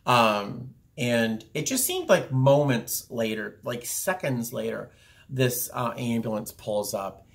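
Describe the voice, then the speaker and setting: A young man with a medium-pitched, animated voice and some vocal fry talks slowly into his camera viewfinder. He's a vlogger rambling casually through a personal story, full of fillers and restarts.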